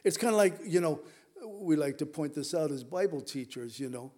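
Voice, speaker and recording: Animated man preaching a casual sermon. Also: a little high, normal speed. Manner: conversational, animated, acts out quotes. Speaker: pastor.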